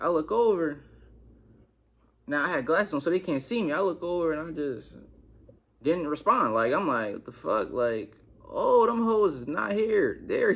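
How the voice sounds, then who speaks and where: A young man telling a storytime vlog in an animated, slangy way, cursing a lot. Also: mid-range voice. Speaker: vlogger.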